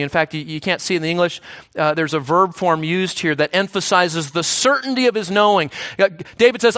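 A man preaching a sermon as pastor, earnest, repeating himself and dropping to a hushed voice on key lines. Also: sits high, unhurried, no room sound, studio quality.

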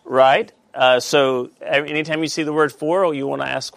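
A man teaching a Bible study class, halting with many fillers and asking the class questions. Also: a little high, steady tone, vocal fry, a bit bright, no echo.

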